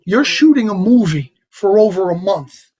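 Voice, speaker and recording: Husky New York man, rambling freely. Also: sits high, moderate pace. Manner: animated, rambling, heavy on "you know" and "like". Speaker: actor guest. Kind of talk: casual interview chat.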